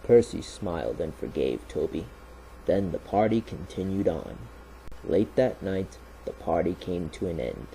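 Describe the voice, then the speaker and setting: Deep gravelly man reading a story. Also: lively intonation, unhurried, dark tone, slight background noise, low-quality recording. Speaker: narrator. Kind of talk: storybook narration.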